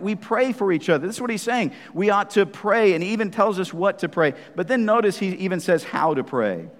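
A man's voice: on the high side, long reverb tail. A man preaching a sermon as pastor, talking conversationally to the congregation and often checking in with "right?" asides.

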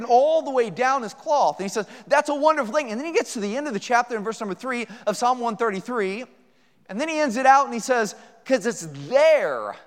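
A man with a strikingly high voice preaches to a church congregation. His delivery is folksy and conversational, full of jokes and asides. His words ring out with a long reverb in a big hall. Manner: folksy, joking, conversational with rhetorical questions. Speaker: guest preacher. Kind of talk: sermon. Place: church sanctuary.

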